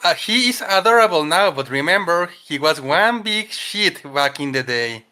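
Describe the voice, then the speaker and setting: Lively, bright-voiced podcast co-host. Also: medium pitch, moderate pace. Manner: joking, lively. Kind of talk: casual chat.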